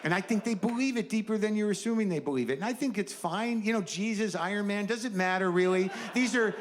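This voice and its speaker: A man's voice: high voice, fast talker. Sardonic ranting man doing stand-up. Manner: rambling, sardonic ranting with asides. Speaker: stand-up comedian. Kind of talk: stand-up routine. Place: comedy stage before a live audience. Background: faint audience laughter and ambience.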